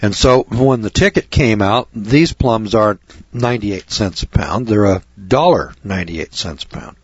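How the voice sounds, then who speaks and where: Husky man ranting on air. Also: on the low side, animated, measured pace, no echo. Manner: indignant, repetitive, conversational. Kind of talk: rambling storytelling monologue. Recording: dull lo-fi recording.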